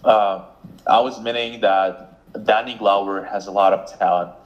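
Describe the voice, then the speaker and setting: A man from Russia with a Russian accent, talking slowly and hesitantly in casual chat, often pausing to search for words. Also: lowish voice, steady tone, lo-fi sound. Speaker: language learner.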